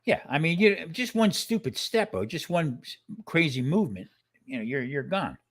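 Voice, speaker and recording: Animated, rambling older man co-host. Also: on the high side, normal speed. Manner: rambling, restarts sentences, exclaims. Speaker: cooking show co-host. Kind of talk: casual live-stream chat.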